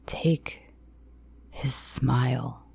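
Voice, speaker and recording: A woman doing a low, menacing male captor. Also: steady tone, very slow, gravelly, darkish tone, slightly rough, in a whisper, heavily acted.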